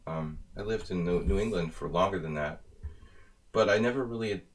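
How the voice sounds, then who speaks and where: A man's voice: deep voice, normal speed. An American man from near Philadelphia, streaming live blitz chess commentary, thinking aloud about moves with wry asides. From near Philadelphia, USA.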